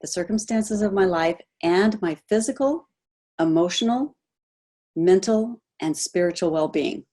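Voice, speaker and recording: A woman coaching a group on a video call, animated, asking her listeners questions and acting out example voices. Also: lowish voice, measured pace. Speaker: health coach.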